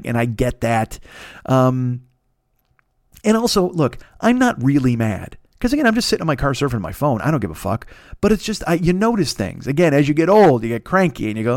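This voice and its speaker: A man hosts a solo podcast, his voice hoarse and congested from a cold. He rambles through stories with a steady stream of swearing. His pitch sits at an average level, and the microphone sound is dry and close. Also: fast talker, no echo. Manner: rambling, profane storytelling. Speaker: podcast host. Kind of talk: casual solo monologue.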